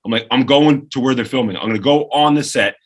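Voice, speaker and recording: A man in his forties, a radio co-host telling lively stories as a podcast guest and acting out the people he quotes. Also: medium pitch, quick pace. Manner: animated storyteller who acts out quoted voices. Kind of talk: lively anecdote-telling in conversation.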